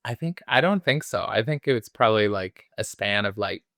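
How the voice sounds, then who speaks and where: A man with a lowish, fairly bright voice and lively intonation co-hosts a film review podcast at a moderate pace. He retells a plot casually and ramblingly, full of fillers and restarts, and acts out quotes; the studio-quality recording has no room sound.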